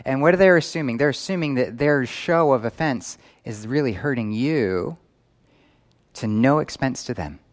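In a New York church, a male pastor delivers a sermon built on a string of questions to the audience. He speaks in an expressive, mid-range voice at a moderate pace.

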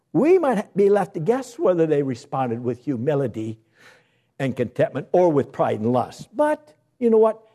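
A male pastor preaches in a lively way, his voice swinging from high to low. He keeps asking rhetorical questions with firm emphasis. His voice sits slightly higher than most men's. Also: breathy edge. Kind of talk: sermon.

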